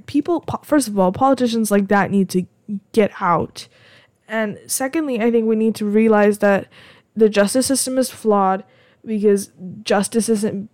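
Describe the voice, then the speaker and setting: A woman's voice: medium pitch, darkish tone, no room sound, clean studio sound. A young woman hosting her own podcast episode, talking in a heated, impassioned way with lots of restarts. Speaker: podcast host. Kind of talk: casual solo rant.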